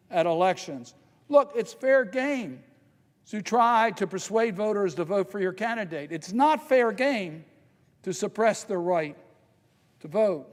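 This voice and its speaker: An older man from Maryland giving a measured, emphatic Senate floor speech, slowing down to stress key points. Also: high-pitched, darkish tone, big-room sound. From Maryland, United States. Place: large legislative chamber.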